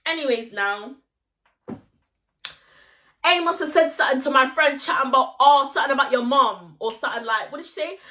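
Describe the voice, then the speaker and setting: Young woman, high voice, story-time vlog, slangy, animated. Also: brisk. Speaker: vlogger.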